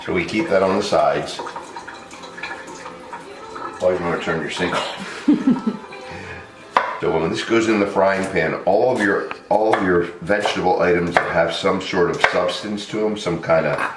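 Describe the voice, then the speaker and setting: A very low-pitched man chats his way through a home cooking demo, easygoing and quick to laugh. His voice bounces around a reverberant kitchen while music plays clearly behind him. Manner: chatty and loose, laughs often, talks to camera crew. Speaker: home cook vlog host. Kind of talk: casual cooking demonstration.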